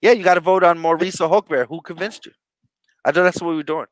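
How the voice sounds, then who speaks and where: A man's voice: on the high side, steady tone, fast, dry recording, poor audio. A man chatting casually on a podcast, joking and teasing in playful banter. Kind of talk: casual chat.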